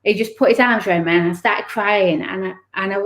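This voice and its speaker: A woman's voice: mid-range voice, brisk, fairly bright tone. A woman telling her own story as an interview guest. She speaks candidly and with emotion, acting out the things people said to her. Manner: candid, emotional, acts out remembered dialogue. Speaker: guest author.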